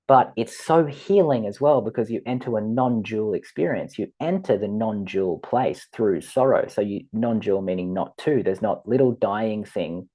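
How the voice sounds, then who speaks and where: A man giving a rambling, animated spiritual teaching talk, often laughing and acting out quoted voices. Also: on the low side, moderate pace, breathy edge.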